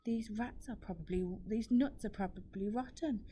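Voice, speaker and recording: A woman whispering as a greedy highway rat robber. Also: normal speed, a little hiss or hum, natural voice. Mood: whispered menace. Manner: hushed, half-whispered menace.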